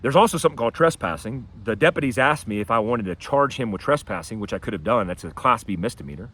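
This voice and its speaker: Man, vlogger, casual storytelling, lively pitch, outdoors. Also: fast talker, husky. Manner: animated, acts out quotes in a raised voice. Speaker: vlogger telling a personal story. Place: outdoors by his house and driveway.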